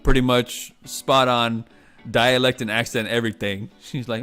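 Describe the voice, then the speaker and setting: Male streamer, mid-range voice, chatty and excitable, faint music bed. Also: medium pitch, normal speed, clear, resonant tone. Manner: rambling, animated, swearing, many restarts. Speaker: livestream host. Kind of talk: casual live-stream chat.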